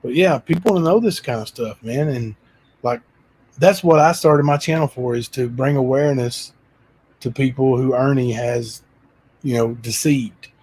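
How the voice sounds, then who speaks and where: A man's voice: mid-range voice, normal speed, a little mellow, husky. A man hosting his own livestream channel, chatting loosely with frequent fillers. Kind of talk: casual chat.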